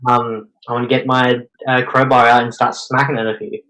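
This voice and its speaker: A man's voice: medium pitch, little pitch movement, a little fast, a bit bright, rough recording. A man playing in a tabletop game, casual and a little unsure, asking about the rules. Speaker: player.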